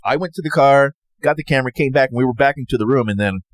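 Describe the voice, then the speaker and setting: A man's voice: mid-range voice, fast, dry recording. A man casually telling a personal story, rambling and acting out what others said. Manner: rambling, animated, acts out others' lines. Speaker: podcast host.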